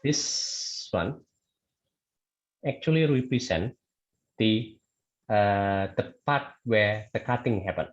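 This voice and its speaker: A man's voice: lowish voice, animated, slow, long pauses. A man teaching a statics lecture online, hesitant, with many fillers and restarts, often checking in with "okay".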